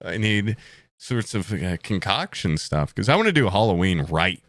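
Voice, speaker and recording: A man with a lowish voice in a casual podcast chat, dropping dry jokes and wandering musings. His pitch still moves about a lot, and the sound is close and dry. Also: very animated, normal speed, fairly bright tone, dry recording. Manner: dry, joking asides and rambling musings. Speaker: podcast co-host.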